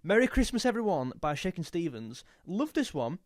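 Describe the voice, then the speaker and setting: A man's voice: high-pitched, big pitch swings, normal speed, no room sound, clean studio sound. A young man chatting casually and jokily, now and then singing a snatch of a song. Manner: jokey, snatches of sung lines. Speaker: music youtuber. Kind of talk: casual chat.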